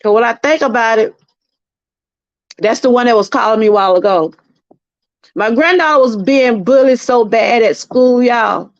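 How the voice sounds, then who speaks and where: High-voiced Southern woman giving testimony. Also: moderate pace, long pauses, dry recording. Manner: earnest, preachy, repeats herself, talks to chat. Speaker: channel host. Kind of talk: live-stream testimony talk. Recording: dry, slightly muffled lo-fi sound.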